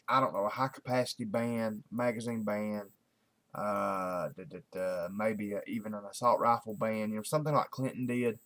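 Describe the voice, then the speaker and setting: A man, talking to camera in a casual, rambling daily video blog, full of fillers and restarts. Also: lowish voice. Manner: folksy, repetitive, many fillers and restarts.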